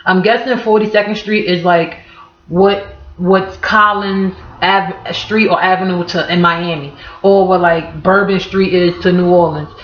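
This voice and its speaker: A woman's voice: fairly low pitch, fairly even intonation, a little slow. A woman with a Harlem, New York accent explaining local slang in a blunt, profane, playful way. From Harlem, New York City. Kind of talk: casual slang explainer vlog. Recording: echoey room, slightly dull audio.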